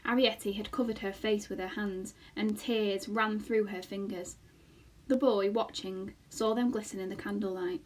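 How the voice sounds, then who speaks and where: A woman teacher reading a children's novel aloud in a slow, expressive storytelling manner. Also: medium pitch, rough recording.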